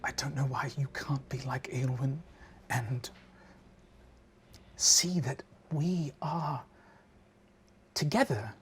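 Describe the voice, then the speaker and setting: A man voicing a proud, cold noble mother in a soft breathy whisper, slow and measured, in whispered role-play. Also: mid-range voice, slight background noise, natural voice. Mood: tearful. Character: cold, proud aristocratic mother, tearful and deluded.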